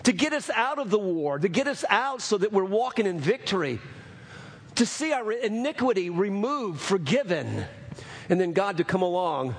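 A man preaching a sermon as pastor, earnest, repeating phrases, moving between raised proclamation and hushed asides. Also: sits high, sing-song, moderate pace. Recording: long hall reverb.

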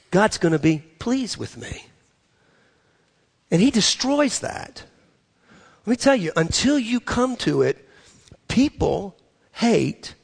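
Gravelly, husky man preaching a sermon. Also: high-pitched. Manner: animated preaching, repeats phrases for emphasis. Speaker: pastor.

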